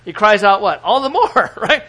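Bright-voiced animated male preacher. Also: high voice, normal speed. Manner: animated, acts out biblical quotes with sudden shouts. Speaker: pastor. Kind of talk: sermon.

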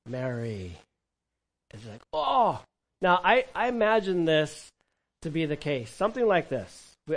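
A man preaching a sermon with a slightly high-pitched voice. He is animated and swings between soft, intimate stretches and louder emphatic ones. He keeps asking the congregation questions as he goes. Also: poor audio. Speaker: pastor.

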